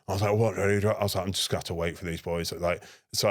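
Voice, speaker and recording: Fast-talking man, low voice. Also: no room sound, studio quality. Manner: lively anecdote-telling, acting out his own dialogue. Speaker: guest, NGO security manager. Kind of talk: casual podcast storytelling.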